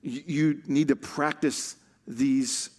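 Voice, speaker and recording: A man's voice: mid-range voice, steady tone, slow pace. A man preaching a sermon as pastor, conversational and light, laughing often and drawing out words for emphasis. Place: church stage.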